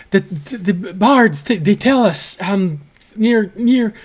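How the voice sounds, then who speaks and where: A man's voice: high-pitched, a little mellow, voice pushed up, exaggerated voice. A man voicing a terrified townsman who has fled monsters, stammering and repeating himself. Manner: stammering, frantic repetitions. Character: terrified stuttering adult male townsman fleeing monsters.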